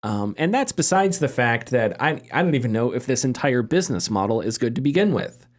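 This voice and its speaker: A man's voice: medium pitch, very animated, brisk. A man hosting a casual podcast discussion, talking in a conversational way that hedges and thinks aloud. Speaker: podcast host.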